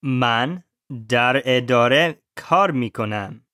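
Male learner, careful deliberate repetition, dry close recording. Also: medium pitch, animated, sharp tone, no echo. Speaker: language student. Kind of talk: language lesson repetition.

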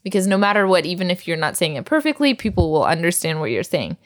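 Woman teaching words, patient and upbeat, voice sits a bit low. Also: sing-song, fast. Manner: patient, encouraging, laughs often. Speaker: language teacher. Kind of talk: teaching Persian vocabulary.

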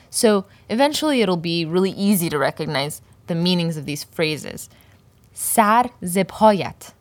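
Woman teaching slowly in a dry booth. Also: fairly low pitch, no room sound. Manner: slow, careful pronunciation of example words. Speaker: Persian language teacher. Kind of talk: scripted poetry lesson.

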